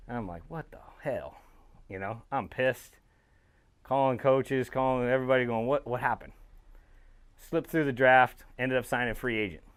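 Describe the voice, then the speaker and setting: A man in his thirties, a former pro baseball player, gives a motivational talk to young players and tells his story with plenty of animation. He talks straight to them as guys, and his voice sits at a middle pitch. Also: fairly bright tone, clear, resonant tone. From Southern California.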